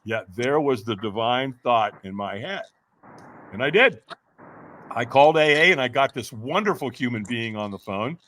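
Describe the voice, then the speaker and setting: A man in his sixties, a podcast guest telling his personal story in an animated way and acting out voices. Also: mid-range voice, moderate pace.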